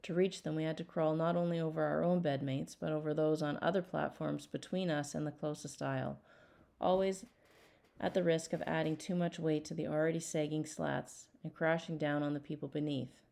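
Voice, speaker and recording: A woman reading a memoir aloud as an audiobook, in a measured and earnest first-person narration. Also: low voice, fairly even intonation, creaky, warm tone. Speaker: audiobook reader.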